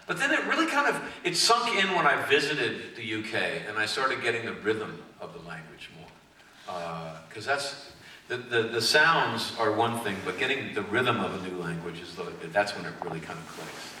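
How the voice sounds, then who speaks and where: A man's voice: fairly low pitch, pushed and bright. Man, guest actor at a convention Q&A, rambling and self-deprecating, distant echoey hall sound. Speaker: guest actor on a fan panel. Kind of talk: casual panel Q&A answers. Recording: echoey hall, far from mic, noisy.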